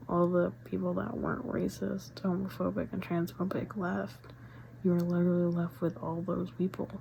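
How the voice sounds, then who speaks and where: Young adult woman vlogger; low-pitched, rambling delivery with whispered asides. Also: little pitch movement, normal speed, gravelly, mellow, a little hiss or hum, low-quality recording. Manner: rambling with many fillers, often dropping to a whisper. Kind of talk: casual rambling chat.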